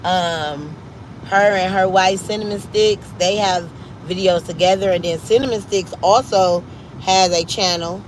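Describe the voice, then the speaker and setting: A Cleveland woman hosts a casual livestream from home, chatty and upbeat as she urges viewers to subscribe to her friends' channels. Her voice is on the low side and a little slow, with a Midwestern US background. The low-quality recording carries slight background noise.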